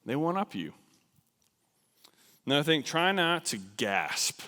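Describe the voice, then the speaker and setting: A man from New Jersey preaches in a conversational, animated way and pokes fun at himself. His voice is smooth and clear, sitting at a middle pitch. Long reverb from the church sanctuary rings behind each phrase. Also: a little slow. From New Jersey, USA. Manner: conversational, animated, self-deprecating. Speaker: missions speaker. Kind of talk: sermon.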